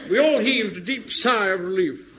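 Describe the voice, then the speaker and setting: An actor playing a pompous middle-aged Home Guard captain in a radio comedy, speaking with indignant self-importance. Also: male voice, high voice, normal speed, natural voice. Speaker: captain narrating a radio skit. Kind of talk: 1960s-70s radio comedy acting. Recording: hissy archive radio recording.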